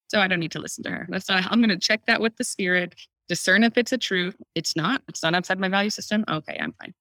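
Bright-voiced woman, dry close mic. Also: medium pitch, fast, dry recording. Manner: animated, laughs often, acts out her own inner dialogue. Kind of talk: casual conversational podcast talk.

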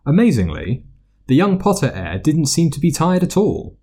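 A man narrating a story aloud, expressive and doing voices for the characters. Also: mid-range voice, moderate pace, breathy edge. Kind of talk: fan fiction reading.

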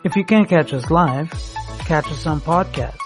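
Give me a man calmly reading a show intro and sign-up details, with music clearly in the background. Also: on the high side. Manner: measured, informational delivery. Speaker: announcer introducing the host.

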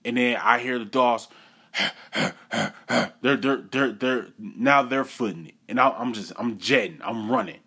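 Animated man telling a story. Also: medium pitch, normal speed, few pauses, husky. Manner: animated, repeats phrases for effect, acts out quotes. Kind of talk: casual personal storytelling.

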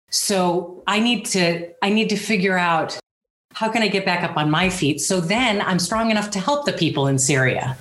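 A woman's voice: lowish voice, fairly bright tone, reverberant. A woman speaking as an interview guest, earnest and rambling, with self-deprecating humor. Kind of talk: candid personal interview.

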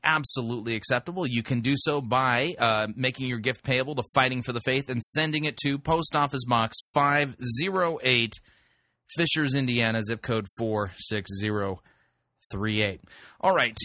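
A man's voice: medium pitch, pushed and bright, dry recording, clean studio sound. A man hosting a talk radio show, speaking in an emphatic, conversational way with frequent restarts.

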